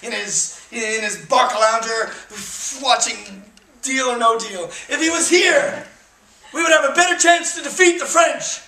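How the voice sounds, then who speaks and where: A man's voice: very high voice, measured pace, creaky, pushed and bright, full character voice. A man doing despairing worn-out foot soldiers. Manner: casual modern slang, despairing. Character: weary, frightened English common soldiers. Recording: echoey hall from far off.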